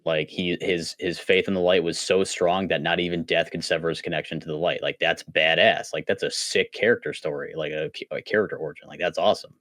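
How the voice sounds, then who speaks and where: A man with a low, deep voice talks eagerly as a podcast guest, tossing in "like" again and again and restarting his sentences. His voice sounds dry and close, with no room echo. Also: fairly even intonation, a little fast, few pauses, fairly bright tone. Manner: eager, many "like" fillers and restarts. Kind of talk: casual chat.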